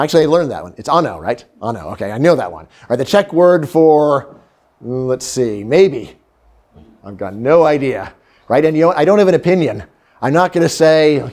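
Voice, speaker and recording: A middle-aged man giving a lively, humorous economics lecture. He acts out quotes and sometimes drops to a hush. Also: mid-range voice. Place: lecture hall.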